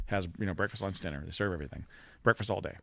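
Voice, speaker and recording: A man co-hosting a casual podcast, telling road stories in an animated way and laughing through them. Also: low voice, racing, vocal fry. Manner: animated storyteller, laughs through his tales. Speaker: podcast co-host. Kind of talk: casual chat.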